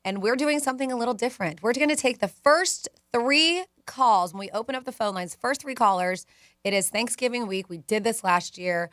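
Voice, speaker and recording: A woman's voice: fairly high pitch, animated, a little fast, fairly bright tone, no room sound, studio quality. A woman co-hosting a radio show, chatting about news and running a call-in contest in an upbeat manner, laughing easily. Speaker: radio co-host. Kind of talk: morning radio chat and contest promo. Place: radio studio. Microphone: studio mic.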